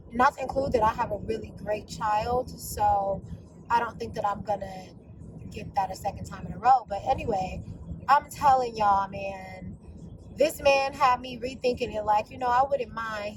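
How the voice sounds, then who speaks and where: A woman's voice: mid-range voice, noisy background. A woman vlogging in a casual, confessional way, chatty and gushing as she talks to her viewers.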